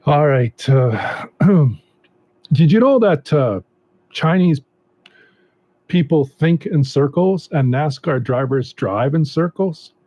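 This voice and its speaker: Slow-talking deadpan male comedian. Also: on the high side, no room sound, lo-fi sound. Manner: deadpan, unhurried delivery with hesitant fillers. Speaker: stand-up comedian. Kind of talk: stand-up comedy routine.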